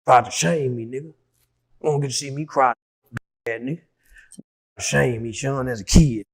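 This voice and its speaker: A middle-aged man telling a story as an interview guest, profane and heated, dropping to low mutters and then shouting. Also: fairly even intonation, normal speed, slightly rough.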